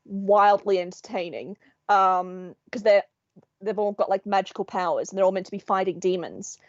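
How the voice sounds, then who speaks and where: A woman's voice: mid-range voice, steady tone, a little fast, no echo. Woman co-host, casual chat, swears freely and laughs mid-story; dull, dry recording. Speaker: podcast co-host.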